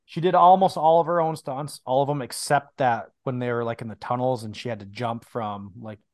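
A man talking in a casual podcast chat, passing along movie trivia in a relaxed, offhand way. His voice sits at an ordinary middle pitch. The sound is dry and close, with no room around it. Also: fairly quick, no room sound. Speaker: podcast co-host.

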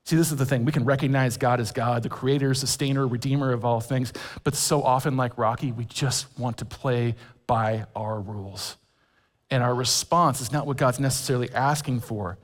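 A man from California preaching a sermon as a men's pastor, conversational with humorous asides. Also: mid-range voice. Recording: long reverb of a large hall.

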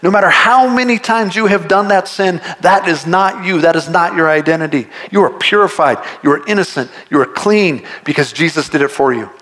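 A man's voice: high voice, a little fast, few pauses, fairly bright tone. A man preaching a sermon to a congregation, direct and earnest, driving points home with repeated phrases. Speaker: pastor.

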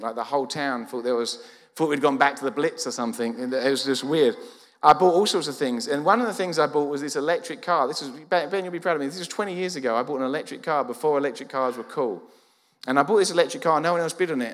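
Fast male preacher, 40s, medium pitch, long church-hall reverb, animated storyteller. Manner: lively, acts out quoted dialogue. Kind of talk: storytelling sermon.

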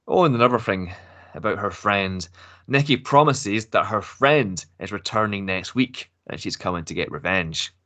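A man's voice: on the low side, lively intonation, normal speed, sharp tone. Casual guy from glasgow, no scottish accent, rambling wrestling recap with swearing and laughs. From Glasgow, Scotland. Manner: chatty, swears, jokes, laughs often. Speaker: podcast host recapping wrestling.

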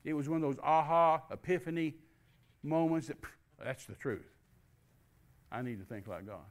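An older man, a preacher, telling a personal testimony in a lively storytelling way and acting out the dialogue he quotes. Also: a little high, moderate pace. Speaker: guest preacher.

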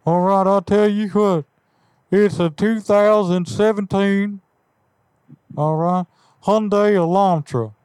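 A man's voice: high voice, fairly even intonation, slow, pauses often, darkish tone, clean tone, dry recording. A man putting on a folksy middle-aged Texan cartoon dad during a prank call, drawling and repeating his catchphrase. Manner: drawling, folksy, repeats "I tell you what".

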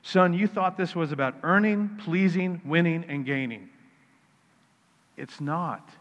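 A male preacher voicing a patient, loving father who calmly reasons with his son. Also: fairly high pitch, unhurried, natural voice. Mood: gentle. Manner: calm pleading explanation. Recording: reverberant hall, dull sound.

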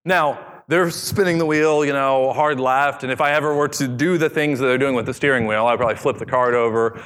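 A male pastor in his thirties preaches in a loose, joking, conversational style, his middle-pitched voice a bit bright, a little fast, and fairly even in intonation. Long reverb carries his words across a large church auditorium.

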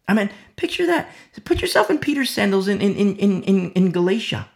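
A man preaching a sermon who repeats himself and swings between loud, acted-out quotes and hushed whispers. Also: sits high, very animated, brisk, creaky, few pauses. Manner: repeats and restarts words.

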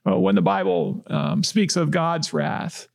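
A man with a strongly gravelly, fry-heavy voice and a lively, rising and falling pitch. He reads a bible verse and then talks it through conversationally. The recording is dry and close. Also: a little slow, dry recording. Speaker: podcast co-host. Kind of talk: casual bible discussion.

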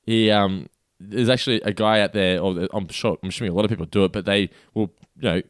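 A man's voice: on the low side, fairly even intonation, fast, clean tone, no echo, studio quality. A man co-hosting a podcast, chatting loosely over trivia with hesitant restarts and frequent laughs. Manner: laid-back, hesitant, laughs often. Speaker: podcast co-host. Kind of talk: casual chat, trivia quiz.

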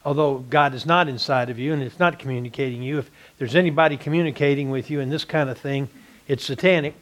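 A man's voice: medium pitch, quick pace, fairly bright tone. A man with a Texan accent teaching a church Bible class, posing rhetorical questions and answering them himself.

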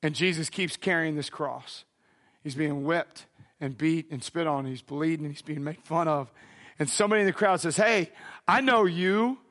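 A man's voice: fairly high pitch, moderate pace, fairly bright tone. A man preaching a sermon, dramatic and casual, acting out the voices in a Bible story. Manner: casual slangy phrasing.

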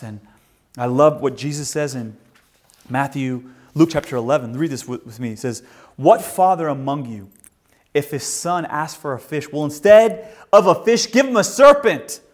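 Dynamic preaching man, fairly high voice. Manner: dynamic preaching, swinging from loud to hushed. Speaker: pastor. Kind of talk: sermon. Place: church, also streamed online.

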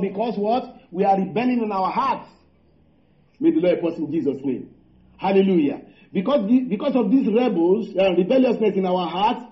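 A man preaching a sermon, halting and repeating words, calling out hallelujah and asking the congregation rhetorical questions. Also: high voice. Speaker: pastor. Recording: echoey room, dull lo-fi sound.

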